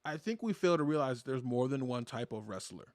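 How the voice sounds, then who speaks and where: A man's voice: medium pitch, animated, brisk, a little mellow, dry recording, clean studio sound. A man co-hosting a podcast in casual chat, laid-back and conversational, swearing now and then. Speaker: podcast co-host.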